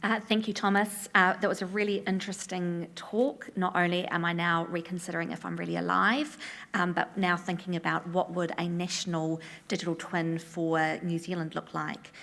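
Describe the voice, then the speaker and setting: A woman's voice: on the low side, level tone, normal speed, creaky, fairly bright tone. A woman moderating a conference session and introducing speakers, with a hesitant manner. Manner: hesitant, with filler sounds.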